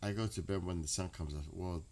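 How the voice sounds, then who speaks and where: A very deep-voiced man rambles through a late-night stream chat. He swears freely and breaks into loud laughter now and then. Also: brisk. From New York. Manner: rambling, profane, laughs loudly.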